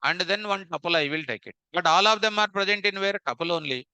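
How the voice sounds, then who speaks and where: Sharp-voiced coding teacher. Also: male voice, high voice, quick pace, clean tone, no room sound, poor audio. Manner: drills students with rhetorical questions and repeats phrases. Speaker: programming teacher. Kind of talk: live coding lecture.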